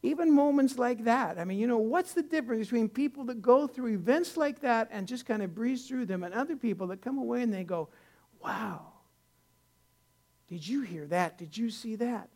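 A man's voice: very high-pitched, expressive, moderate pace. Folksy older male pastor preaching. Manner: folksy and rambling, with many restarts, rising to earnest emphasis. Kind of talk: conversational sermon.

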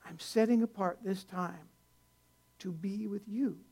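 A man's voice: sits high, unhurried, vocal fry, darkish tone, slightly rough. An older man, a pastor, preaching a conversational sermon in a folksy, rambling way, with many restarts, rising to earnest emphasis.

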